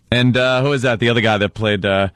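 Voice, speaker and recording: A man's voice: mid-range voice, a bit bright, clean tone, dry recording, studio quality. A man co-hosting a radio show in laid-back casual chat, chuckling now and then. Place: radio studio.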